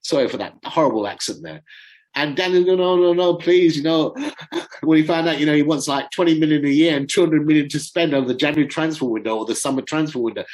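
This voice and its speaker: A man's voice: on the high side, quick pace, low-quality recording. A middle-aged man hosting a fan channel. He talks through football in a casual, rambling way and sometimes fumbles for names.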